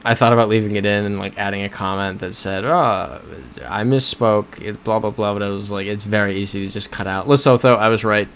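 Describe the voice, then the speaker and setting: A man's voice: on the low side, flat delivery, brisk, few pauses, fairly bright tone, slight background noise. A man hosting a casual livestream while playing a geography game, talking in a rambling, self-correcting way and answering chat. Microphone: desk microphone.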